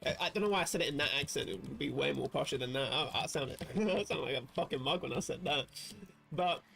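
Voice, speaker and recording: Gravelly man rambling on stream. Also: fairly high pitch, animated, quick pace, a bit bright, faint music behind. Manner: rambling, self-interrupting, wry. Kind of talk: casual chat while gaming on a livestream.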